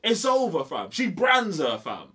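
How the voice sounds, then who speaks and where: A young man, co-hosting a casual movie review chat, animated and slangy, repeating himself for emphasis. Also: sits high, a little slow. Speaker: podcast co-host.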